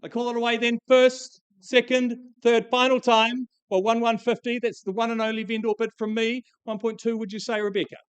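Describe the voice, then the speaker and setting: A man with a New Zealand accent calling bids at a live property auction in brisk, formulaic calls. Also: extremely high pitch, flat delivery, smooth.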